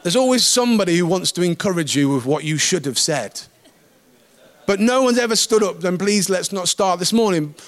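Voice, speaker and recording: Guy preaching a sermon, pretty high voice, chatty and jokey. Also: normal speed. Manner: conversational, lively with asides and humor.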